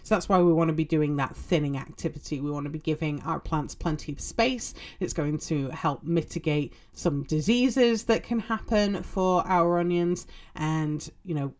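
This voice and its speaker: A woman hosting a gardening podcast, explaining in a relaxed way with many ums and you-knows. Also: low voice, normal speed. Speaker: podcast host. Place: home in a short-season area.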